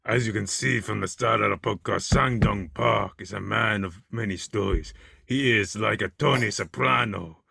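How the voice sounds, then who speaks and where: A man's voice: fairly low pitch, moderate pace, gravelly, pushed and bright, husky, no room sound, clean studio sound. A man hosting a podcast, asking playful, jokey questions. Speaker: podcast host. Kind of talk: casual interview chat.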